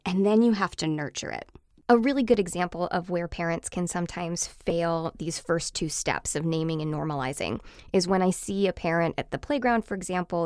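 A woman in her thirties hosting a parenting podcast, explaining advice to parents in an earnest, steady way. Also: lowish voice, dry recording, studio quality.

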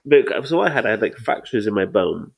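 Husky man with a thick tongue. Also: on the low side, sing-song, brisk. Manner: teasing, laughs a lot, swears casually. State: thick-tongued after face surgery. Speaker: podcast co-host. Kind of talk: casual podcast chat.

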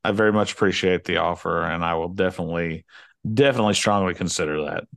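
A man's voice: sits low, fast, vocal fry, fairly bright tone, no room sound, clean studio sound. A man co-hosting a casual podcast, joking around and playing innocent when teased. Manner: jokey, playfully defensive. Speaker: podcast co-host. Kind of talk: casual chat.

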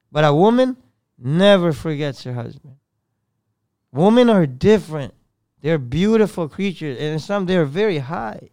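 A man with a notably high speaking voice talks as a podcast guest in a dry, close recording. He rambles and swears freely, his delivery rising and sinking with strong feeling as he tells his story. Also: darkish tone, no room sound. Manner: rambling, swears often, voice swells and drops with feeling. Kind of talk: emotional conversational storytelling.

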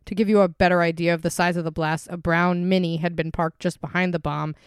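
A woman with a stuffy, congested voice hosts a relaxed true-crime podcast, reading her notes and tripping over names now and then. Her tone stays smooth and clean despite the cold, recorded close and dry with no room sound. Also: lowish voice, a little fast, no echo. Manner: laughs often, stumbles over place names. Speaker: podcast co-host.

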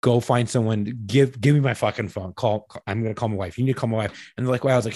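A man's voice: mid-range voice, fast, no echo. A man telling a long story in casual chat, swearing constantly and acting out what people said. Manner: profane, animated, acts out quoted voices. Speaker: podcast co-host telling a story.

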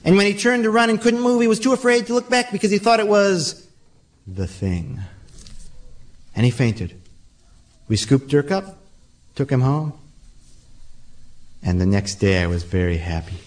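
A man's voice: fairly high pitch, lively intonation, normal speed, pauses often. A man performing a spooky childhood story aloud with dramatic, suspense-building delivery.

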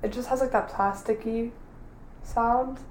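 A woman's voice: a little high, fairly even intonation, unhurried, a little mellow. A young woman co-hosting a podcast in a casual chat, talking with exaggerated outrage and laughing often. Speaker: podcast co-host. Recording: roomy echo.

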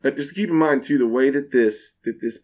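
Young bartender dude telling a sweary story on a podcast, regular mid voice, super animated. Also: male voice, mid-range voice, brisk. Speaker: bartender guest. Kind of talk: casual podcast chat.

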